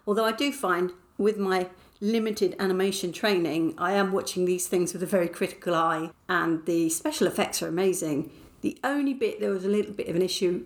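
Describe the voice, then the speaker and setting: A middle-aged woman from England hosting her podcast, chatting in a casual diary style, self-mocking and laughing often. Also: medium pitch. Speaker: podcast host.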